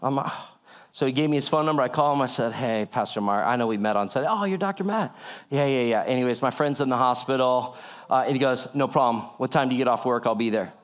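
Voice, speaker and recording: A man giving a sermon-style testimony, telling a story animatedly and acting out the people in it with lowered voices. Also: quick pace. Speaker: speaker sharing a testimony.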